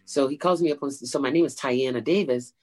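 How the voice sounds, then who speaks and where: A woman comedian being interviewed, telling a story in an animated way and acting out quoted voices with big pitch jumps. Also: a little fast. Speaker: stand-up comedian, guest.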